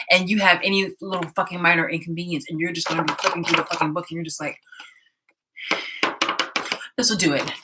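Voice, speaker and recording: A woman's voice: deep voice, pushed and bright. A woman vlogger in a casual, profane, exasperated reaction rant, laughing often, filmed indoors. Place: indoor room.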